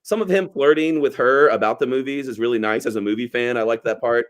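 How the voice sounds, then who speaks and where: A man's voice: medium pitch, fast talker. A man co-hosting a movie podcast in casual chat, often laughing and quoting lines. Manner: chatty, laughs often, quotes lines in acted voices. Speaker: podcast co-host.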